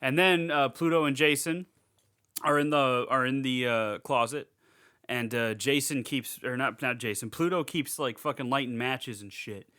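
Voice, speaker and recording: A man's voice: mid-range voice, moderate pace, pushed and bright, smooth. A young man recapping a movie in casual podcast chat, rambling with lots of fillers and swearing freely. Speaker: podcast co-host.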